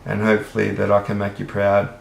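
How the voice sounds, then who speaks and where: Gravelly Australian man rambling earnestly. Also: on the low side, monotone, fast talker, slight background noise. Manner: earnest, rambling, casually profane. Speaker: vlogger. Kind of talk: rambling monologue to camera. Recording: roomy echo.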